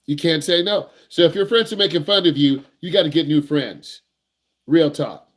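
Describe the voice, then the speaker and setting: A man's voice: on the high side, normal speed. Blunt, slangy male driving instructor. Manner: blunt, repetitive, slangy advice. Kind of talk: casual teaching talk to young drivers.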